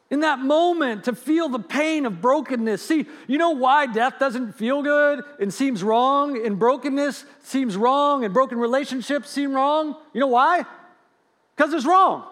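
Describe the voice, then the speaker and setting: Brief: male pastor, very high voice, earnest, loud then hushed. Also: measured pace. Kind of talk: sermon.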